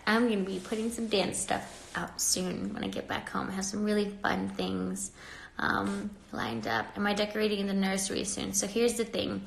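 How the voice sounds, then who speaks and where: A young woman chatting with viewers on a livestream. She rambles casually and laughs often, her nose a little stuffy, and she turns animated when she's annoyed. Her voice sits mid-pitch and rings off the walls of an echoey room. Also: normal speed, gravelly. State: pregnant, a bit stuffy-nosed. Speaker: livestream host.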